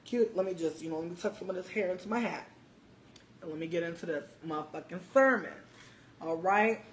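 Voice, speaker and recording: A livestream host ranting to viewers in a brash, loud, profane and sassy way, speaking from a bar. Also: medium pitch, fairly quick, a little hiss or hum. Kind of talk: brash casual rant to viewers.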